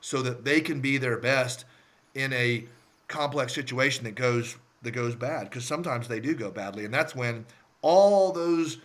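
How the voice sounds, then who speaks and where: A man hosting a casual interview on a video call, chatty and quick to jump in with reactions and asides. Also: medium pitch, fairly bright tone. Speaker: host.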